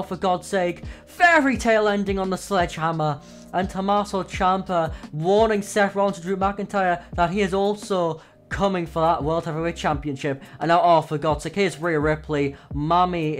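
A man, hoarse, calling wrestling matches from a video game in excited play-by-play, full of oaths and sudden exclamations. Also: normal speed, faint music behind. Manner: exclamatory, frequent oaths and gasps, swings loud and high. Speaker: play-by-play commentator for his own wrestling game.

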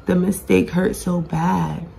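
Gravelly, grieving woman venting to camera. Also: fairly low pitch, flat delivery, takes it slowly, dark tone, slight background noise. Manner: blunt and emotional, swears, repeats herself. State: grieving, near tears. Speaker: podcast host. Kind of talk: emotional personal vlog monologue. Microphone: talking to her own camera.

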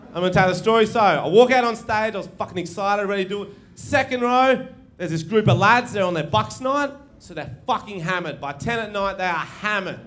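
High-voiced brash comic. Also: male voice, a little fast, fairly bright tone. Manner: brash, swearing, laughs at own jokes. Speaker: stand-up comedian. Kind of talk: stand-up comedy set. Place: live comedy venue with audience.

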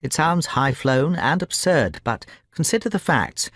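A man's voice: fairly high pitch, animated, measured pace, a bit bright, slightly rough, no room sound, studio quality, full character voice. A man reading a nervous, sickly young man. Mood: anxious. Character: nervous, querulous young man weak from illness.

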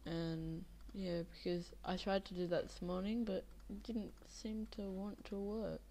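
A woman's voice: medium pitch, flat delivery, unhurried, warm tone, a little hiss or hum. A tired young woman rambling casually over a game she is playing, drowsy, with many fillers. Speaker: Minecraft video maker. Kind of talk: casual gameplay commentary.

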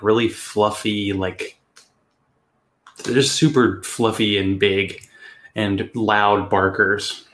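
A man with a fairly low voice tells a story in a loose, chatty way, rambling and cursing casually. It sounds like a podcast recorded in an echoey room. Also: a bit bright. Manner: chatty, rambling, swears and laughs often. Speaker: podcast host.

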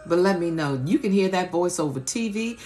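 A woman's voice: on the low side, expressive, a little fast, a little mellow, soft background music. A woman preacher giving an impassioned, colloquial teaching sermon on a live stream, repeating rhetorical questions.

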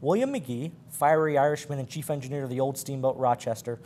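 A man's voice: medium pitch, a little fast, dark tone, slight background noise. Man reading sailor yarns, stumbling. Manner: stumbling, laughing at his slips. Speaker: library program presenter.

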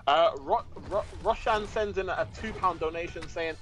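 A man's voice: sits high, moderate pace, a bit bright. A man co-hosting a game livestream, reading out donation messages and laughing often between them. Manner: giggly, reads messages aloud between laughs. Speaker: guest co-commentator reading donations. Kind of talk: casual livestream chat.

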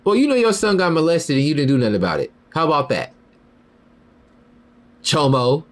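A man hosting a podcast, delivering a heated, profane monologue that swings between loud high outbursts and low muttered lines. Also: huge pitch swings, moderate pace, long pauses. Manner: heated, profane, repeats "you feel me" and "bro". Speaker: podcast host.

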